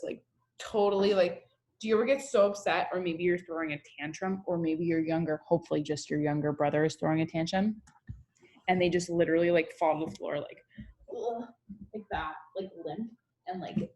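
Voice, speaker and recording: A woman's voice: on the low side, darkish tone. A young woman teacher reads a picture book aloud to children, chatting and asking them questions along the way.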